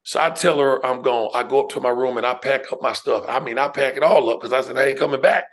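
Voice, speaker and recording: A middle-aged man from New York, a guest educator and speaker telling his life story on a podcast in an emphatic, animated way. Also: medium pitch, fast. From New York, USA. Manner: emphatic, animated storyteller who addresses the listener with "man" and "right?".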